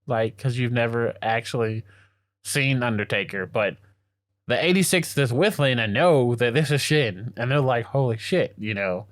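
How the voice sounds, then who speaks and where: A man co-hosting a podcast, recapping a story in an excited, slangy way and acting out the characters' lines as he goes. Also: medium pitch, no echo, clean studio sound. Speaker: podcast co-host. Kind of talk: casual anime recap chat.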